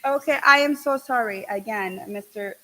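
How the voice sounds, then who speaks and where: A woman hosting a podcast, bubbly and quick to exclaim as she greets viewers by name. Her voice sits fairly high. The talk is loose, friendly chat. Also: low-quality recording. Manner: bubbly, exclamatory, giving shout-outs. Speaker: podcast host. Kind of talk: casual chat.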